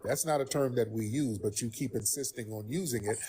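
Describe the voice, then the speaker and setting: Husky, blunt male livestream host. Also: mid-range voice, fairly quick. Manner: blunt, profane, animated. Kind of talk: casual call-in livestream commentary.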